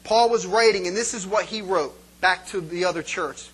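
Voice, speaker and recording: Bright, high-voiced energetic male preacher. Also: normal speed, slightly rough, poor audio. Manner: energetic, call-and-response with congregation. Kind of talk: sermon.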